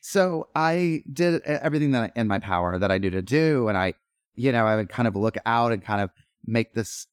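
Man, middle-aged, animated storyteller, rambling, mid-pitched, dry close sound. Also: fairly quick, smooth, no echo. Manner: animated, lots of fillers and self-interruptions. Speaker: podcast guest, actor. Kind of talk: casual storytelling chat.

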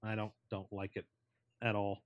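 A man's voice: fairly low pitch, monotone, moderate pace, muffled recording. A man co-hosting a casual podcast, earnestly and stubbornly defending his opinions. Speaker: podcast co-host.

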